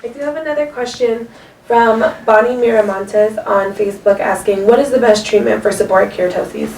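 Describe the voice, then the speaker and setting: Woman reading questions aloud, bright pitch, distant and roomy. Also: a little fast, creaky, a little hiss or hum. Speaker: question reader. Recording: echoey, distant from the mic.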